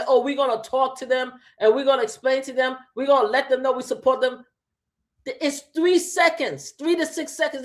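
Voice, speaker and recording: A woman hosting a live stream, giving emphatic, repetitive commentary straight to her viewers from a home setup. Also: high-pitched. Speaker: livestream host.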